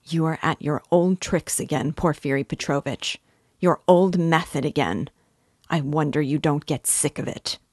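A woman's voice: low-pitched, normal speed, darkish tone, no echo, studio quality. A woman reading as a cornered, scornful young man. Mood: irritated. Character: agitated young male student, cornered and scornful.

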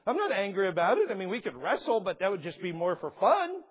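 A man's voice: high-pitched, big pitch swings, fast talker, breathy edge. A man preaching a sermon as a pastor, impassioned and emphatic, repeating phrases for effect, on a slightly dull recording.

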